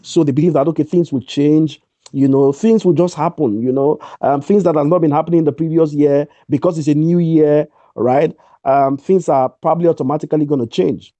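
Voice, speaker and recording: A man's voice: a little high, fairly even intonation, brisk, warm tone, no echo, dull audio. Emphatic man giving a motivational talk. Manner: emphatic, repeats key lines. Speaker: guest speaker.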